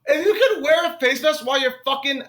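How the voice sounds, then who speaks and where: Man, comedian guest, very high voice, bright and sharp, profane exasperated ranting, casual podcast chat. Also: expressive, a little fast.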